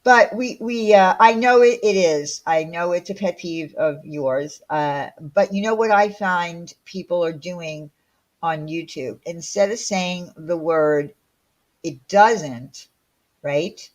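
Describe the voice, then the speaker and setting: Woman, livestream host, casual chat with viewers, blunt, fillers and swearing, slow unhurried delivery. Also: lowish voice.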